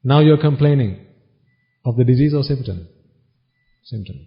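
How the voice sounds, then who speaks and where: A man preaching a Buddhist sermon at a mid pitch, putting question after question to his listeners and answering each one himself. He slips into rapid Pali chanting now and then. The recording is dull and lo-fi. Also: lively intonation. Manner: chants Pali phrases quickly. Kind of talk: dharma talk sermon.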